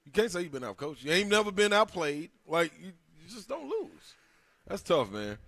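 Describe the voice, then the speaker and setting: A man's voice: high-pitched, sing-song, normal speed, fairly bright tone, no echo. A man co-hosting sports talk radio, casual and slangy, laughing often. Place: radio studio.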